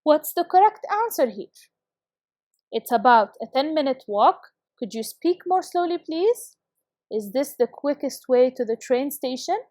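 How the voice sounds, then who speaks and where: A woman teaching a recorded English lesson with a clear, encouraging classroom delivery. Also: sits high, animated, measured pace, darkish tone, dry recording, studio quality.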